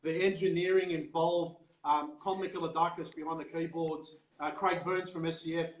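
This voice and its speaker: An Australian host hypes up a race event, talking in a higher register and heaping on praise. His voice rings with an echoey sound at the live venue. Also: flat delivery, moderate pace. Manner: hyped, full of praise, says "mate" often. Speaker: show host.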